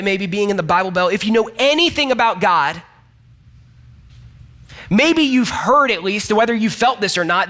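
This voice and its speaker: Young male pastor, bright tone, casual conversational sermon, talks straight to the room. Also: high-pitched. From Georgia, US. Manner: chatty, self-deprecating, addresses listeners directly.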